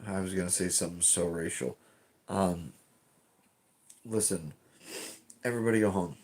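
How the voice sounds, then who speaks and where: A man's voice: low voice, moderate pace, a little mellow, breathy edge. A man streaming from home, chatting casually and rambling, swearing often and restarting his sentences. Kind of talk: casual live-stream chat.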